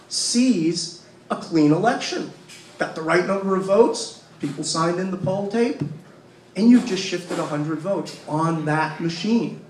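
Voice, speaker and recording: A man's voice: sits high, slight background noise. A man from Massachusetts speaking as a panelist, making his case with rhetorical questions and repeated phrases. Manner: emphatic, rhetorical questions and repetition. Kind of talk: impassioned panel talk. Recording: echoey room, mic from far off.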